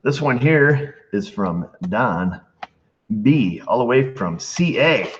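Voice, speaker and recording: A man's voice: medium pitch, animated, slow. A man hosting a casual mail call in his repair shop, joking and reading letters aloud with asides. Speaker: mechanic and channel host. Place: auto repair shop bay. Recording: dull lo-fi sound with faint noise.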